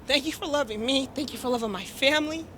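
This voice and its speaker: Woman talking at her dad's memorial, casual and warm with the crowd, bright tone. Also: high-pitched, quick pace, a little hiss or hum. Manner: casual, heartfelt, chatty with the crowd. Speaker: eulogy speaker, daughter of the deceased. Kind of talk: emotional memorial speech. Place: memorial gathering.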